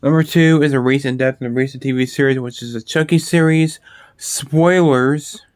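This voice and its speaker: A man's voice: mid-range voice, fairly even intonation, fast talker, smooth, no room sound, clean studio sound. A man talking casually about horror movies, rambling and swearing freely, with frequent restarts and fillers. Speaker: video host.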